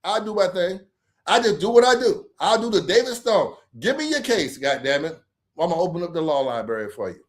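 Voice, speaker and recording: Animated, profane man ranting on a livestream. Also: high-pitched, brisk. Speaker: livestream host. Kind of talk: late-night livestream rant.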